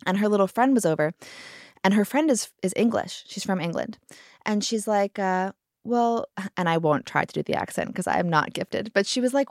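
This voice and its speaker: A woman's voice: mid-range voice, normal speed, dry recording, clean studio sound. A woman in her thirties hosting a podcast, telling stories in a casual, wry and sarcastic way. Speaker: podcast host. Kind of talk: casual conversation.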